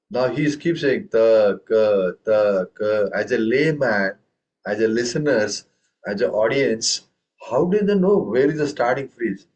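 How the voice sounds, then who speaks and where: A man's voice: medium pitch, low-quality recording. Patient man teaching tabla with questions. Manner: asks students many questions, recites syllables with strong stress. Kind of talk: online group music lesson.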